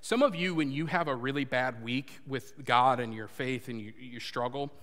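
A man's voice: mid-range voice, normal speed. Earnest male pastor in a reverberant church. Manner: earnest, swings between loud urging and hushed confession. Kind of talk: sermon with personal story. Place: church sanctuary before a congregation. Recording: long hall reverb.

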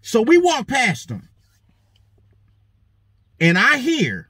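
A show host tells a story in an animated, heavily profane monologue, acting out what the people in it said. His voice is extremely high and slightly rough, his delivery extremely slow with frequent pauses, and there's no echo.

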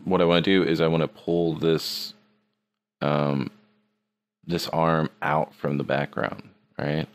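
A man's voice: very deep voice, level tone, slow pace. A man teaching a 3D rendering class in a casual screen-recorded tutorial, joking and teasing his students as he works. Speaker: 3D art teacher.

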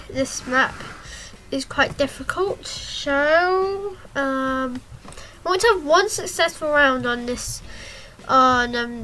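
Woman, high bright voice, gameplay commentary, rambling with ums, slow unhurried delivery, yelps at crashes. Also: slight background noise. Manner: rambling and hesitant, many ums; yelps and exclaims at in-game crashes. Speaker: gameplay channel host.

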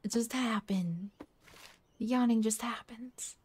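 A woman's voice: on the high side, slow pace, darkish tone, husky. A woman streaming a game from her home desk, chatting casually in a playful, giggly way and often apologizing to her chat.

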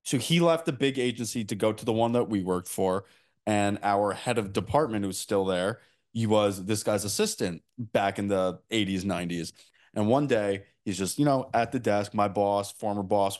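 Man, podcast host, from New Jersey, blunt swearing storyteller, low voice, casual chat. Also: a little mellow.

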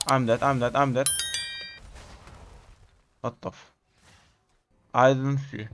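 A man, excitedly commenting on his own gameplay, repeating short exclamations in English. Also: mid-range voice, slow pace, long pauses, noisy background. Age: 20s. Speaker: gamer streamer.

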